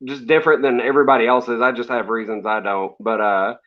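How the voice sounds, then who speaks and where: Male interview guest, relaxed rambling storyteller, mid pitch, muffled lo-fi audio. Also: a little fast. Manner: laid-back, rambling with fillers and laughs. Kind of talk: casual storytelling. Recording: dull lo-fi sound.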